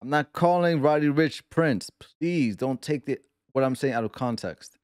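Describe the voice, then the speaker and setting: Excitable man reacting to music, dry sound. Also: mid-range voice, moderate pace, no room sound. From New York. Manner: excitable, carefully explains his points. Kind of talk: casual music reaction commentary.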